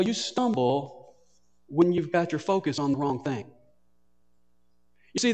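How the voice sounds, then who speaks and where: Man, pastor, sermon, emphatic repetition, higher voice, echoing church hall. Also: darkish tone. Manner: emphatic preaching, repeating phrases.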